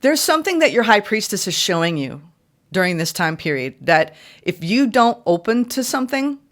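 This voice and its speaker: A woman talks her way through a tarot spread in a loose, chatty flow. She exclaims at the cards and slips into playful high-pitched voices to act out quotes. Her pitch sits in an ordinary middle range. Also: sing-song, moderate pace, a bit bright. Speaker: tarot reader. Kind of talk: casual tarot reading.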